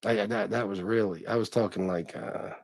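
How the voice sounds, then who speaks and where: A man's voice: on the low side, steady tone, moderate pace, creaky, dry recording. Blunt, profane middle-aged man, dry close sound. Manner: profane, blunt, self-deprecating. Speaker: livestream host reading chat. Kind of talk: casual livestream chat.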